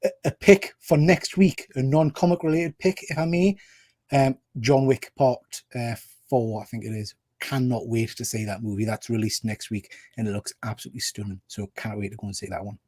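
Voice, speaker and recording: A man speaking as a guest on a casual podcast over a video call. His voice sits at an ordinary pitch with a dry, close sound, and he chats in an easygoing way with plenty of fillers. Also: fairly even intonation, moderate pace, a little mellow, breathy edge, no echo. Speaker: guest, YouTuber. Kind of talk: casual chat.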